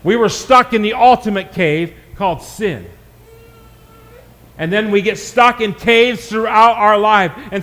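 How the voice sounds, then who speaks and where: A man preaching a sermon in a church, swinging from shouted climaxes to hushed, quick asides. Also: high voice, in a large hall. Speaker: pastor.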